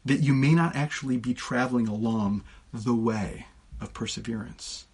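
A man's voice: mid-range voice, normal speed, a little mellow, breathy edge. A male preacher giving a conversational sermon with casual asides, often restarting his sentences. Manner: conversational, with frequent restarts and filler words.

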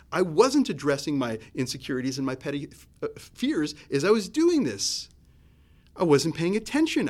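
Guy preaching like he's just talking to you, slightly high voice, pitch jumps all over, keeps restarting. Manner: conversational, searching, with restarts and lively swings in pitch and loudness. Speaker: pastor. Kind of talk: sermon.

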